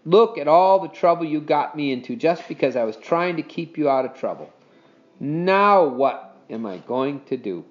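A man's voice: on the high side, animated, moderate pace, lo-fi sound, natural voice. A man reading a storybook, voicing a young boy who is earnest and put-upon, in a raised, pleading voice. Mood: glum.

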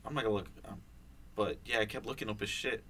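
A young man with a fairly low, bright, forceful voice talks quickly with fairly even intonation over slight background noise. As a podcast co-host in a casual conversation, he meanders, swears heavily, and is full of fillers and restarts.

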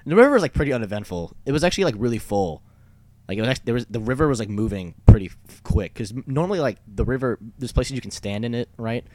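Fast-talking young man rambling a story. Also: medium pitch, expressive, warm tone, dry recording. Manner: rambling, many fillers and profanity. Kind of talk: casual chat.

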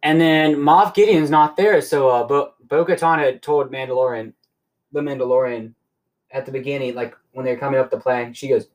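A man's voice: mid-range voice, normal speed. A young man hosting a podcast, giving a rambling, casual recap of a show episode, full of "like" fillers. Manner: rambling, heavy use of "like" fillers. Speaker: podcast host.

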